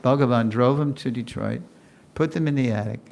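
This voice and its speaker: Gravelly older man telling a story. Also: medium pitch, fairly quick. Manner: animated storytelling, acts out quotes, laughs often. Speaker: lecturer. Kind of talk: storytelling lecture.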